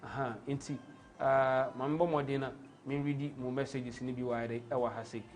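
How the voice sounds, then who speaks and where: A man's voice: mid-range voice, flat delivery, moderate pace. A man with a Ghanaian accent hosting a live football stream, talking in an impassioned, rambling way and slipping into Twi. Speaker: host.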